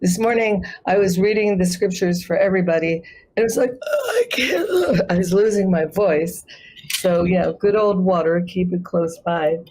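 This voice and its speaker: A woman who teaches chanting, explaining pronunciation and demonstrating sounds slowly in a conversation over a video call. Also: on the low side, steady tone, darkish tone, poor audio. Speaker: guest, sacred chant artist and yoga teacher.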